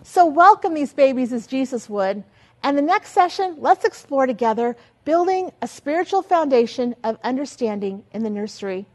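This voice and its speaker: An older woman giving a lively teaching talk as a children's ministry trainer, asking many rhetorical questions. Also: high voice, normal speed.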